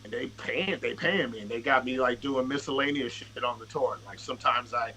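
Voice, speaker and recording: A man's voice: mid-range voice, brisk, a little hiss or hum, low-quality recording. A man guest on a podcast, a rapper telling a casual, profane story and acting out what people said. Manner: profane, animated, acts out quotes.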